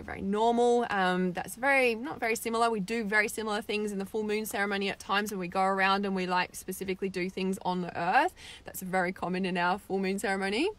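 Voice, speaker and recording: Young aussie woman chatting on a live stream, upbeat, says like a lot, mid pitch. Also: a bit bright. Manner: chatty, upbeat, lots of "like" and "right?". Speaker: spiritual meditation host reading live comments. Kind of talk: casual livestream chat.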